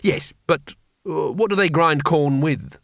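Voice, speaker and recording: A man's voice: a little high, measured pace, gravelly, a bit bright, dry recording, clean studio sound. A man voicing a nervous, pedantic schoolteacher who hesitates and keeps correcting others.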